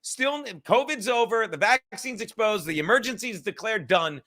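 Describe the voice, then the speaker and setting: A man's voice: high-pitched, animated, moderate pace, bright, forceful tone. A man hosting a podcast, ranting casually with heavy swearing and sarcastic asides. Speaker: podcast host. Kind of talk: casual rant.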